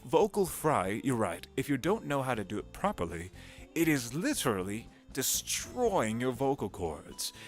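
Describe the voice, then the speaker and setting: A man, a voice actor, chatting casually on a home livestream with a gravelly vocal fry, giggling and wandering between topics. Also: medium pitch. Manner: chatty, giggly, drifts into voice demos. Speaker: voice actor streaming.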